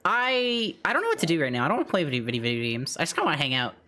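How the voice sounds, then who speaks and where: A woman's voice: sits low, sing-song, very fast, sharp tone. A young woman hosting a casual livestream chat with her voice-acting friends. She giggles often and keeps the talk playful. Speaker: streamer host, voice actor.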